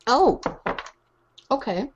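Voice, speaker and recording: A woman's voice: sits high, very animated, extremely slow, lo-fi sound, noisy background. A woman playing a tabletop game, hesitant and often restarting her sentences. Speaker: player. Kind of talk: casual tabletop play.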